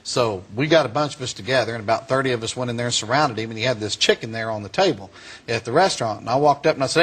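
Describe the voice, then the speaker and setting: A man, a guest in an interview who tells a lively story and often laughs. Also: medium pitch, very fast, slightly rough. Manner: laughing, lively anecdote telling. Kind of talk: animated storytelling.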